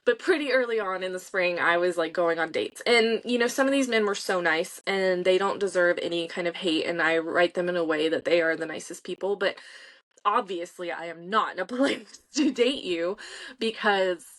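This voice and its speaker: A woman's voice: lowish voice, normal speed, fairly bright tone. A woman in her thirties, an author, talking casually and openly as a guest in a remote interview and laughing often. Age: 30s. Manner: chatty, laughing often, speaking in quoted inner dialogue.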